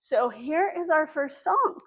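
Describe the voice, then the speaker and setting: A woman's voice: sits high, animated, takes it slowly, a bit bright. A woman children's librarian hosting an online story time. She gives cheerful, step-by-step instructions to small children.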